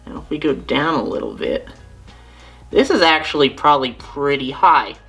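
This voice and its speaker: Low-voiced woman giving a chatty demo. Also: sing-song, normal speed, vocal fry, fairly bright tone, faint music behind. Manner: chatty, thinks aloud, corrects herself. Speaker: reptile keeper and channel host. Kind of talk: casual hands-on demonstration.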